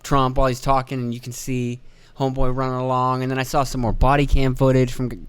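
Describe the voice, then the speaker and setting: A man's voice: mid-range voice, level tone, fast talker, clear, resonant tone, dry recording. Profane, rambling man podcast host. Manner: profane, rambling, acts out voices. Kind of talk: casual comedic rant.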